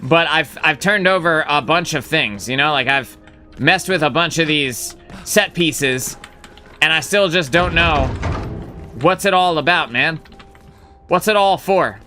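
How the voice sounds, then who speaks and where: A man with a slightly high, very bright voice talks through a live game stream in a loose, rambling way. He thinks out loud and drops casual swears, with faint game music underneath. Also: unhurried. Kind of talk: casual gameplay commentary.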